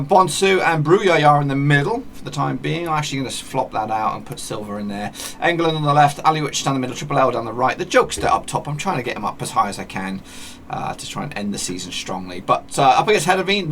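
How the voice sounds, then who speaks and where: A man's voice: fairly high pitch, lively intonation, fast, gravelly, fairly bright tone, slight background noise. A man chatting casually as he plays a football management game, narrating the matches like a commentator and often correcting himself as he talks. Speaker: gaming YouTuber.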